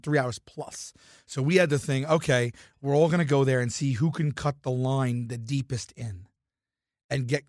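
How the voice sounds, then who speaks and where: A man who is a comedian guest, telling lively anecdotes in casual podcast talk and acting out the quoted lines. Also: medium pitch, no room sound, clean studio sound. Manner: animated anecdote teller, acts out quoted lines.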